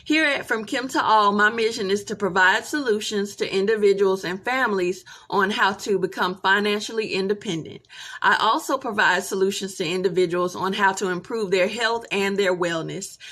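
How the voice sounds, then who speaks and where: A woman's voice: mid-range voice, moderate pace, fairly bright tone. Upbeat woman giving a business testimonial. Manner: upbeat and promotional. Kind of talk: scripted testimonial.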